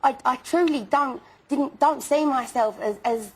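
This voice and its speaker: Her voice high-pitched and slightly rough, a young interview guest speaks unhurriedly, stumbling over words and repeating herself while firmly insisting on her apology and denying things outright. The audio is poor.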